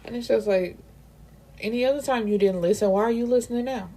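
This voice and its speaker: A woman reviewing a book in a casual, animated recap, swearing freely and acting out the characters' lines. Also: on the high side, fast. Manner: animated, profane, acts out character dialogue.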